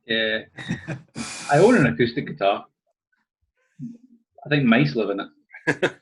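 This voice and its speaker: A man's voice: mid-range voice, expressive, slow, slightly rough. A man co-hosting a podcast in casual chat, dropping dry wisecracks. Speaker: podcast co-host. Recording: dull lo-fi mic.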